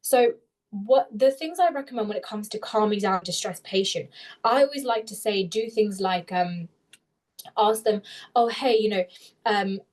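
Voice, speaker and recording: Over a video call, this young woman runs a live webinar on interview skills, speaking quickly with lively explanations that she often revises mid-sentence. Her pitch is medium.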